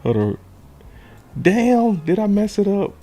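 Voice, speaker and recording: A man hosting a casual sports show, breaking down game film and shouting key words. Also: high voice, takes it slowly, faint music behind. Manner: animated, shouts key words, talks to his audience.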